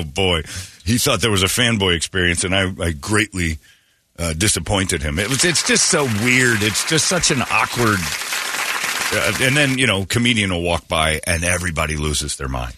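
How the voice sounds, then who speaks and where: Low-voiced man telling rambling stories. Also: noisy background. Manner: rambling anecdotes, acts out quoted lines. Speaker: radio host. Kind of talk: casual storytelling chat.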